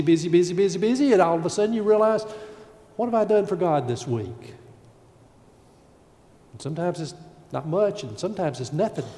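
High-voiced preacher in a reverberant sanctuary. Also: male voice. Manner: animated preaching, acting out grumbling voices. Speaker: pastor. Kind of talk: sermon.

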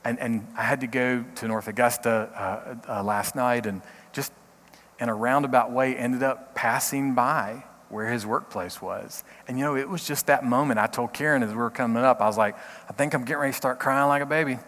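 A middle-aged man, a pastor, giving a short devotional talk in an earnest, halting way, often repeating words. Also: mid-range voice, steady tone, fairly bright tone, long reverb tail.

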